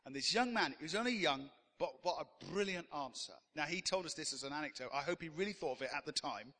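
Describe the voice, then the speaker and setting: A man preaches a sermon in an easy, conversational way, stopping often on "uh" as he tells stories. His voice is bright and pitched a bit high for a man. It rings out with the long reverb of a church hall. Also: lively intonation, fairly quick, hardly any pauses. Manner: conversational storytelling preacher with frequent "uh" fillers. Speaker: pastor.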